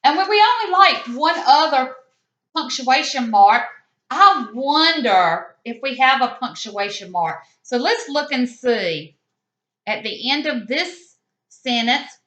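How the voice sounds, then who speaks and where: A woman teaching young children in a slow, sing-song voice, pausing for answers and praising them warmly. Her voice sits a little high and sounds bright and crisp. It is recorded in an echoey room with a slightly dull, muffled sound. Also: big pitch swings.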